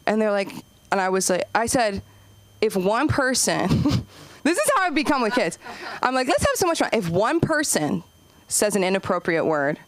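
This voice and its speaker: A woman doing a stand-up comedy set, chatty and rambling, jumping her voice up high whenever she acts out a quote. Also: dry recording. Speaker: stand-up comic and open mic host. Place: comedy club stage.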